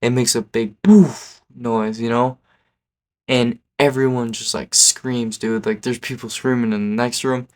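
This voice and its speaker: A man's voice: mid-range voice, flat delivery, unhurried. Casual rambling guy narrating a storytime vlog. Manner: rambling, keeps adding "okay?" and "like". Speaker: YouTuber.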